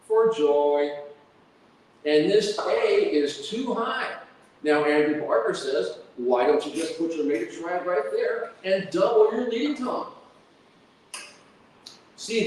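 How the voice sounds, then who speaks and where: A man lectures on music at a slow, deliberate pace, often humming phrases on da syllables to show a point. His voice sits fairly high for a man and is heard from a distance. A long, echoing hall reverb surrounds it. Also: a little hiss or hum. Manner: hums and sings melodies with da-da syllables. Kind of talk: academic lecture with sung examples. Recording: echoey hall from far off.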